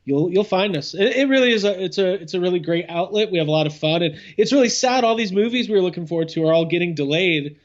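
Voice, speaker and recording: A man's voice: sits high, expressive, fast talker, few pauses, lo-fi sound. A man chatting as a podcast guest, rambling and playful with lots of fillers. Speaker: podcast guest, cousin of host. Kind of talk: casual comedic chat.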